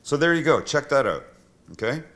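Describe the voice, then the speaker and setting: A man's voice: fairly high pitch, expressive, a little fast, a bit bright. A middle-aged man hosting a cooking show, chatting casually and joking at himself while he cooks in a kitchen. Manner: chatty, self-deprecating, joking.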